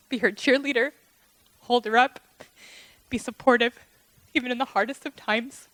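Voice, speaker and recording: A woman's voice: on the high side, moderate pace, long pauses, fairly bright tone, no room sound. A woman giving an emotional, chatty wedding toast for her sister, close to tears and acting out remembered dialogue. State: tearful.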